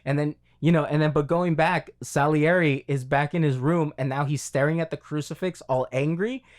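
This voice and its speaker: A man's voice: fairly high pitch, steady tone, moderate pace. A man co-hosting a casual film review podcast, talking in long rambling runs with many fillers and restarts. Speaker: podcast co-host.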